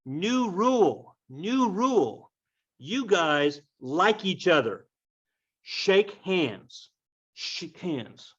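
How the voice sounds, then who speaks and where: A man's voice: a little high, animated, slow pace, pitched above the performer's own voice. A man doing an exasperated scolding prince. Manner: exasperated, commanding. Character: stern ruler scolding two feuding fathers. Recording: dull lo-fi recording.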